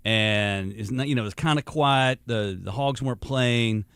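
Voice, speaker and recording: A man's voice: medium pitch, vocal fry, fairly bright tone, clean tone, no echo. Wry morning radio co-host, a man. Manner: wry, quick with quips and asides. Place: radio studio. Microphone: studio microphone.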